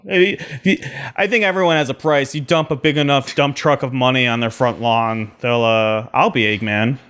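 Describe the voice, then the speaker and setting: A man co-hosting a comic review podcast in casual chat, often halting to find his words. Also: medium pitch, fairly even intonation, a bit bright, clean tone. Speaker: podcast co-host.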